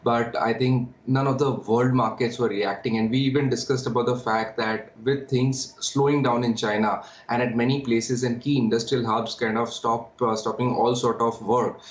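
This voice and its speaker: A man's voice: medium pitch, steady tone, normal speed, few pauses, slight background noise. Indian man on a dull, roomy remote line. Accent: Indian English. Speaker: stockbroker guest. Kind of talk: remote interview answer.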